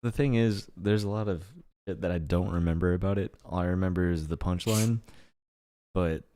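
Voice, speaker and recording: Low-voiced man laughing through casual chat. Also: normal speed, mellow. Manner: laughs often while telling stories. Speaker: podcast co-host.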